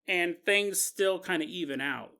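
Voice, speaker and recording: A man hosting a podcast, telling a spooky story in an animated, conversational, jokey way. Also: high-pitched, a little slow, smooth. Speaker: podcast host. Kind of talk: storytelling narration.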